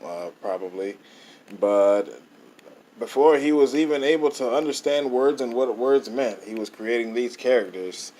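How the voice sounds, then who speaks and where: A man hosting a casual podcast and introducing a guest slowly, with frequent hesitations. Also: medium pitch, lively intonation, warm tone, slight background noise, rough recording. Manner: slow, hesitant, lots of fillers. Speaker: podcast host.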